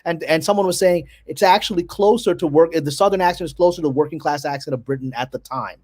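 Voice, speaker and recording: 一位男性编剧作为嘉宾，在网络直播中轻松闲聊，讲话很快，爱讲故事，常用"right?"征求认同。. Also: male voice, on the high side, a little mellow. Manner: quick, chatty storyteller who asks "right?". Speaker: guest screenwriter. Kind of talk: casual chat on a livestream.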